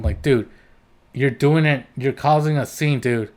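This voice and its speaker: A man's voice: mid-range voice, fairly even intonation, normal speed, a little mellow. A man hosting his own podcast, ranting in a heated, rambling way with blunt swearing and frequent restarts. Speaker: podcast host. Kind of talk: solo podcast rant.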